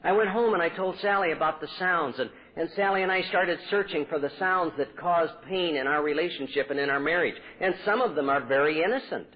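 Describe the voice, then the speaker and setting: A man speaking at a recovery meeting, telling his story earnestly and acting out quoted lines with his voice. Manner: earnest, acts out quoted dialogue with pitch jumps. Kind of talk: personal storytelling talk. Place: convention hall. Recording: tinny old tape recording.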